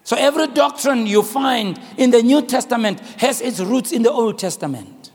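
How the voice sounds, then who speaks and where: A man from South Africa preaching a sermon, telling the story dramatically with voices and frequent shouting. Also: very high voice, lively intonation, moderate pace, long reverb tail. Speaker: pastor.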